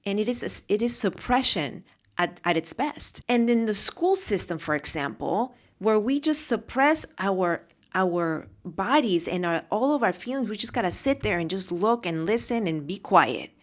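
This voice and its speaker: A woman's voice: mid-range voice, expressive, normal speed. A woman hosting a solo motivational podcast, talking with passion and often repeating phrases for emphasis. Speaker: podcast host and mentor.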